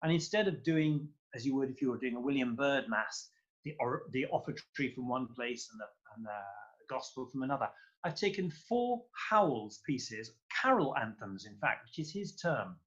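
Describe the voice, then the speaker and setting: A man's voice: medium pitch, expressive, moderate pace, a bit bright, lo-fi sound. A man chatting as a guest conductor in an interview, effusive and rambling, with lots of fillers. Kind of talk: casual interview chat.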